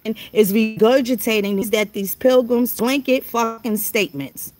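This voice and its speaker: A woman vlogger delivering a blunt, profane rant straight to the camera, with drawn-out phrases and many rhetorical questions. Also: on the high side, steady tone, darkish tone, dry recording. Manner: blunt, confrontational, profane street talk.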